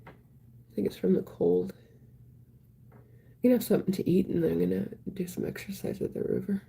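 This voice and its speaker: A woman casually chatting on a live stream, reading viewer comments aloud in a soft voice that often drops to a whisper. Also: lowish voice, brisk, vocal fry, husky.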